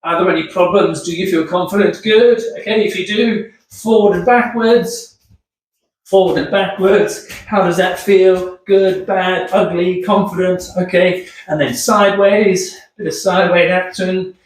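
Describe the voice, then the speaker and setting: A man's voice: sits high, fairly even intonation, a little slow. A man demonstrating rehab exercises in an upbeat, chatty way, keeps asking okay, getting out of breath. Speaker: physio instructor. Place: room with hard floor. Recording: echoey room, distant mic.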